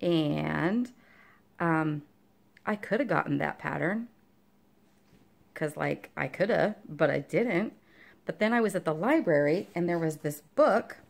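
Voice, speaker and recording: This woman shows off her cross-stitch in a casual vlog, rambling with lots of fillers and turning to talk to her dog between topics. Her creaky voice sits low and is animated, with a measured pace and frequent pauses.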